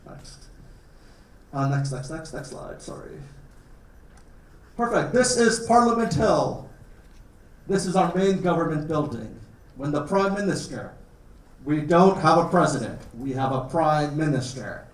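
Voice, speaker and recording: A man from Canada with a slightly high voice lectures a class about his home country. He keeps his wording simple and jokes as he goes. The sound is roomy and he stands away from the mic. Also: expressive, unhurried, long pauses. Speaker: guest lecturer. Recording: roomy, distant classroom recording.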